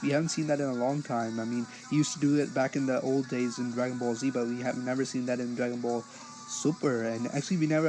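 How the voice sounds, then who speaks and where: A man's voice: mid-range voice, darkish tone, low-quality recording. A man giving a casual spoken episode review, rambling along with many fillers and restarts.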